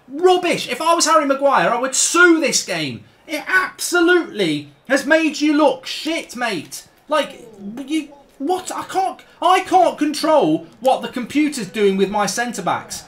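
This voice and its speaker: A man's voice: extremely high pitch, big pitch swings, normal speed, a bit bright. A man commenting live on his own gameplay, ranting and swearing in exasperated outbursts. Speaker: gaming streamer.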